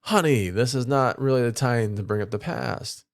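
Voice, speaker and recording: A man doing Delilah, a calm young woman. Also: mid-range voice, normal speed, gravelly, pitched above the performer's own voice, natural voice. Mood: exasperated.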